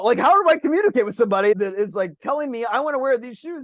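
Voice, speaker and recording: A man with an extremely high, highly animated voice talks fast, his studio sound clean and dry. As a podcast co-host in loose chat, he rambles, tells stories peppered with "like," acts out what people said, and swears freely.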